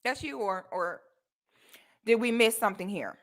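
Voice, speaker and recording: A woman's voice: medium pitch, animated, normal speed. A young woman giving casual commentary and advice to her viewers, sassy and emphatic, talking straight to them. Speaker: commentary vlogger.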